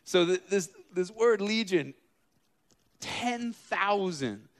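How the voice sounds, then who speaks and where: A man in his thirties or forties preaching a casual, animated sermon, acting out the figures in his stories with asides to the room. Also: high voice, slow pace. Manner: animated, acts out quoted figures, self-deprecating asides.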